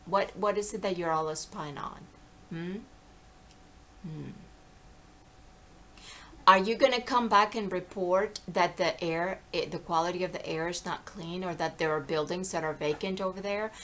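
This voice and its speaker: A woman's voice: on the low side, a little slow, pauses often, fairly bright tone, a little hiss or hum. A woman vlogging in a casual, rambling monologue, talking animatedly, drifting between topics and often slipping into quoted voices. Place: lives in the American South.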